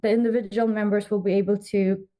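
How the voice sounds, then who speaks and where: A young Swedish woman giving a conference presentation over a remote call as vice chair of a youth astronomy association, explaining with frequent pauses. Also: mid-range voice, level tone, warm tone. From Sweden. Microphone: remote call from an office.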